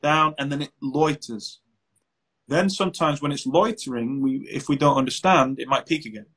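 A man, an anxiety therapist, answering interview questions in a lively, conversational way and acting out exchanges with clients. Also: medium pitch, moderate pace, breathy edge, low-quality recording. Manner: animated, acts out client exchanges.

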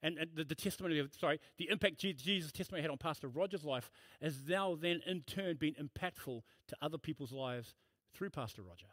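A man's voice: on the high side, quick pace, a bit bright, dry recording. A man preaching a sermon in a church, emphatic and repetitive, breaking into casual storytelling asides. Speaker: pastor.

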